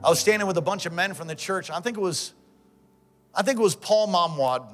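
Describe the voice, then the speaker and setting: A man preaching a sermon as pastor, with fervent call-and-response that swings between shouting and quiet storytelling. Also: high-pitched, expressive, fairly quick, soft background music.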